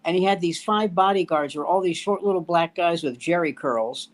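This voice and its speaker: A man's voice: on the high side, brisk. An older man hosting a casual chat among comedians, telling anecdotes and acting out the voices of the people in them. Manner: storyteller who acts out quoted voices. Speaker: host.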